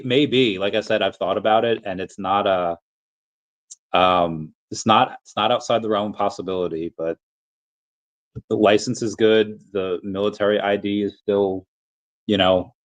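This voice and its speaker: American male stream host, rambling casual delivery, low-ish register. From United States. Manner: rambling, many restarts and fillers. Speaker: livestream host answering chat. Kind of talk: casual livestream chat.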